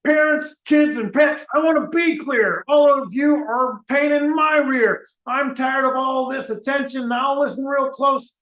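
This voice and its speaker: A man puts on a cranky old man with a beard and a cane, sick of being taken for Santa. He rants and shouts in a singsong, very high and piercing. The voice rings around an echoey room. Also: unhurried, few pauses. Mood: ranting singsong. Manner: exasperated, ranting, shouts in a singsong. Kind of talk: comedic character monologue.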